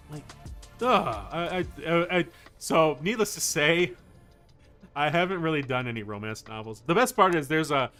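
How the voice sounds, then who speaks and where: A man who is a voice actor chatting casually while streaming a game, telling animated stories and muttering along as he plays. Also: mid-range voice. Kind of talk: casual gameplay livestream chat.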